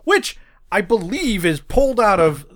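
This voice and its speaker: Animated man recapping a movie. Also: high voice, measured pace. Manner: animated, laughing retelling of scenes. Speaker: podcast co-host. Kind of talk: casual movie discussion.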